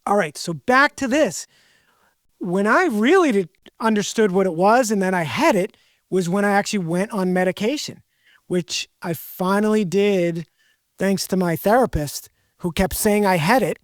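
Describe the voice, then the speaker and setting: A podcast host with a high-sitting voice speaks at a moderate pace, chatting casually in a rambling, self-deprecating, candid way. The recording is studio quality with no echo.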